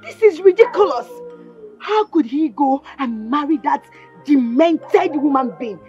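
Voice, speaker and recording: An actress with a Nigerian accent playing an excitable young woman friend who talks dramatically, in a dull lo-fi film recording. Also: high-pitched, a little slow, soft background music. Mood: dramatic. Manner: dramatic, exclaiming.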